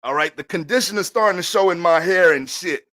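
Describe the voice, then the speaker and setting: A man's voice: high voice, brisk, pushed and bright, pitched above the performer's own voice. A man doing a fed-up, complaining churchgoer. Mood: annoyed. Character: irritated churchgoer, adult man.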